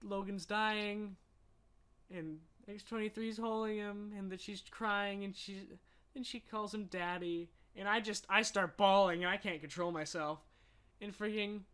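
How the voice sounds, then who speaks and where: This man has a bright, sharp tone that sits a bit high for a man. He co-hosts a casual podcast and recaps films with plenty of emotion, getting animated as he goes. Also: unhurried, smooth. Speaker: podcast co-host. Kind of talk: casual movie chat.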